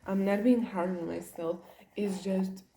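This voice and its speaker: Young woman, mellow, rambling vlog chat in a roomy, echoey space. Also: mid-range voice, steady tone, unhurried, a little hiss or hum. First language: Slovak. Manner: rambling, all over the place. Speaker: vlogger. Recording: roomy echo.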